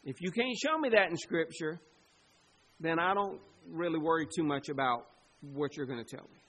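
A man preaching a sermon to his congregation, with sudden loud, emphatic bursts. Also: fairly high pitch, moderate pace, husky, low-quality recording. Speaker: pastor.

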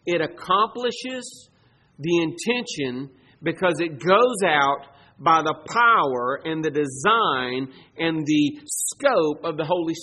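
A man preaching a sermon as pastor, swinging between loud emphasis and soft asides. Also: a little high, a little hiss or hum.

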